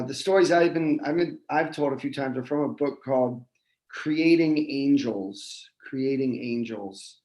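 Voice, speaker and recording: A man telling a folk tale at a synagogue service in a relaxed, halting way, recorded in an echoey room. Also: mid-range voice, vocal fry. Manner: relaxed, halting, many restarts.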